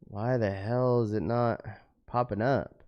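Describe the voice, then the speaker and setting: A man's voice: mid-range voice, steady tone, measured pace, smooth, highs cut off. Laid-back man on a livestream. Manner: laid-back, many fillers, greets viewers by name. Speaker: livestream host. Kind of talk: casual livestream chat.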